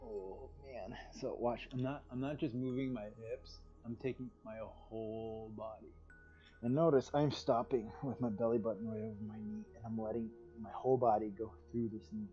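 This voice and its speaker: A man teaching a guided yoga class over a livestream, with calm, soothing, drawn-out cues and sighs of relief. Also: medium pitch, dull audio, faint music behind.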